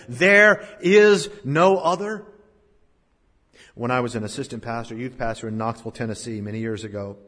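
A middle-aged pastor preaches with a mid-range man's voice, surging loud on key words and then falling almost to a murmur. His words ring out in a church sanctuary with a long reverb tail. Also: mid-range voice, slightly rough. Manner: dramatic swings between loud emphasis and hushed drops. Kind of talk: sermon.

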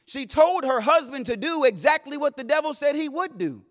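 A man preaching a sermon in a plain-spoken way, swinging between loud declarations and hushed asides. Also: very high-pitched, lively intonation, moderate pace. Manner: plain-spoken, vernacular phrasing. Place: church sanctuary. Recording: long reverb of a large hall.

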